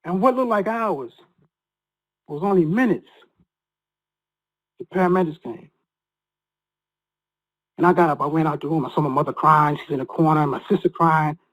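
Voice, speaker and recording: A man speaking as a guest, telling an emotional personal story in an earnest, halting way with many repeated restarts. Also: a little high, fairly bright tone, low-quality recording.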